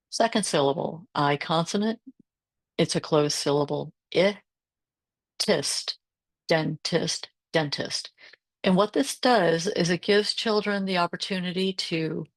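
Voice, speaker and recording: A woman's voice: low voice, no room sound. A woman reading tutor presenting a teacher workshop over a video call, explaining her lessons and modelling phonics sounds aloud.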